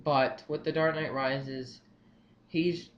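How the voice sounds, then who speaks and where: A young man giving his movie opinions in a casual vlog, rambling and excitable, repeating himself often. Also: a little high, slow pace, muffled recording, a little hiss or hum. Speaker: vlogger.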